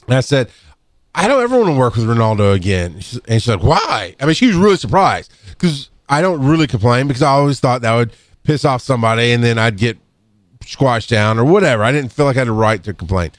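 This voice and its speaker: A man's voice: no room sound, studio quality. Easygoing middle-aged man telling work stories. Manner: rambling, restarts, acts out quotes in a higher voice. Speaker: podcast co-host, EMS worker. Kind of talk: casual storytelling chat. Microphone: studio microphone.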